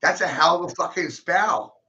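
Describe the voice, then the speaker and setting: A man's voice: on the high side, expressive, normal speed, pushed and bright, muffled recording. A man ranting angrily in a casual vlog, swearing heavily and jumping between grievances. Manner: angry, swearing, erratic. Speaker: vlogger. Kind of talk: profane rant to camera.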